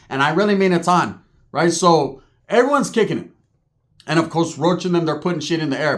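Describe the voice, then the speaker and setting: A man's voice: fairly high pitch, expressive, brisk. A man telling a profane, comic story in casual talk, tagging his lines with "right?". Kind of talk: comedic storytelling.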